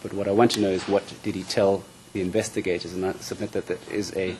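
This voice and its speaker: A man's voice: low voice, flat delivery, quick pace, a little mellow, slight background noise. A man acting as prosecution counsel in court, formal, often repeating words as he begins. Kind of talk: courtroom questioning.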